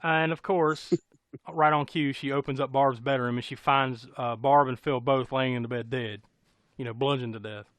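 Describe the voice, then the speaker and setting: A man's voice: mid-range voice, steady tone, moderate pace, fairly bright tone, no echo. An American man casually recapping a horror film on a podcast, rambling and laughing, with a profane storytelling manner. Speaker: podcast co-host.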